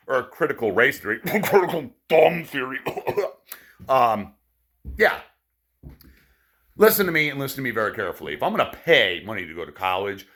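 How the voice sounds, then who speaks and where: A man's voice: mid-range voice, fairly bright tone. A man delivering a profane, sarcastic ranting monologue to his viewers. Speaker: vlogger.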